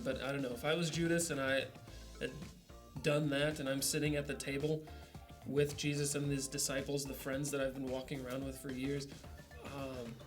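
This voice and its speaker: A man giving a casual devotional talk in a relaxed, rambling way, full of fillers like "kinda" and "like.". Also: mid-range voice, moderate pace, faint music behind. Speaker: devotional leader.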